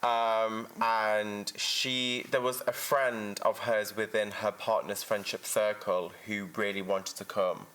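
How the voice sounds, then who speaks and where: A man's voice: lowish voice, level tone, takes it slowly, few pauses, background noise. A young man co-hosting a podcast, chatting casually, joking and telling stories at length. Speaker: podcast co-host. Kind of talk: casual chat.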